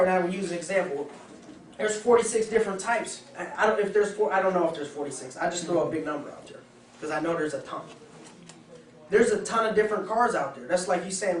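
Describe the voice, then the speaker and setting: Male sales trainer, high voice, animated and coaching, recorded far off in an echoey room. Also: fast, a little hiss or hum. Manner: animated, acts out customer dialogues.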